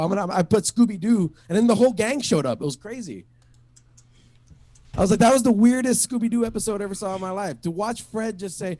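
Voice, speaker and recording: A man with a fairly high voice works through a stand-up set. He rambles, swears freely and stumbles over restarts and a steady stream of fillers. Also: a little fast. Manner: rambling, profane, lots of "like" and restarts. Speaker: stand-up comic. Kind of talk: stand-up set at an online open mic.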